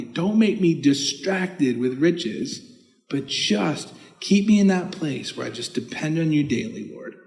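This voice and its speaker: A man preaching a sermon as pastor, animated, reading scripture aloud in old-fashioned wording. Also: medium pitch. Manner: animated preaching with short laughs. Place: church sanctuary. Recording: long reverb of a church hall.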